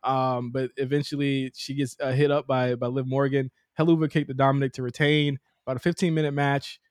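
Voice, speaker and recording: A man's voice: medium pitch, level tone, a little fast, clear, resonant tone, no echo, studio quality. A man co-hosting a podcast, talking enthusiastically and swearing freely in casual chat. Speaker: podcast co-host.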